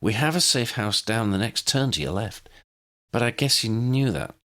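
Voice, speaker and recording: A man voicing a brisk female American magical agent, speaking in a matter-of-fact, businesslike way in a fan audiobook. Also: mid-range voice, animated, sharp tone, voice pushed up.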